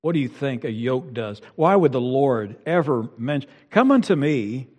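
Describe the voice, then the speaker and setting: A pastor preaching a sermon who swells loud and high on his emphases, then drops low and quiet. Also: very animated, normal speed. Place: church sanctuary. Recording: long reverb of a large hall.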